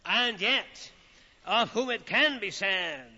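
A man preaching a sermon in a slow, solemn manner, with dramatic pauses and phrases that fall away softly. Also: high voice, lively intonation. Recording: old lo-fi recording in a reverberant hall.

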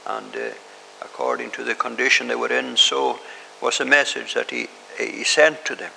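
A man preaches with a heavily gravelly voice that has a bright, forceful edge. He speaks in a measured way and pauses often with hesitations. The recording has a long hall reverb and faint hiss. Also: medium pitch, steady tone. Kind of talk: sermon.

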